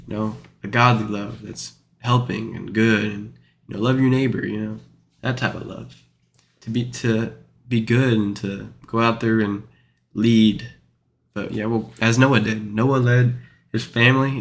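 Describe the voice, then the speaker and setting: This Bible study teacher reads scripture aloud and comments on it informally, rambling along with many fillers and self-corrections. His voice is on the low side, and there's a slight background noise.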